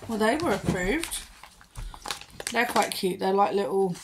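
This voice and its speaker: Casual woman vlogger, mid-range voice, talks through a pet unboxing and gives her dog quick commands, noisy phone audio. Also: medium pitch, lively intonation. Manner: chatty, reads ingredient lists aloud and gives her dog short commands. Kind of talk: casual chat while training her dog.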